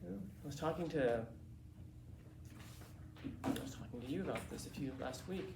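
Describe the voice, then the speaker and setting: A male teacher lectures his class in a loose, slangy way, bouncing into little acted-out quotes as he goes. His voice sits a bit high for a man. The echoey classroom carries a faint hum behind him. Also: moderate pace, vocal fry. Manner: animated, casual and slangy, acting out quotes.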